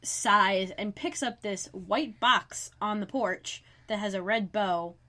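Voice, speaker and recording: A woman co-hosting a podcast, casually retelling a TV episode's plot in a relaxed way. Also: medium pitch, slow. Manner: relaxed storytelling, narrates plot beats. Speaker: podcast co-host. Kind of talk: casual recap chat.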